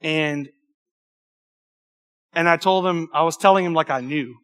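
A young man preaching a youth sermon in an animated, emphatic way, with stumbles and asides. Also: a little high, unhurried. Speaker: youth pastor.

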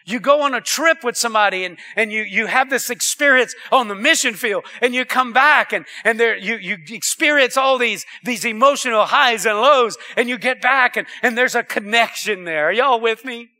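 A pastor delivers a sermon to his congregation in an animated style, calling out questions to the crowd and swinging between loud and hushed. His high voice rings bright and forceful. He speaks at a normal speed with hardly any pauses.

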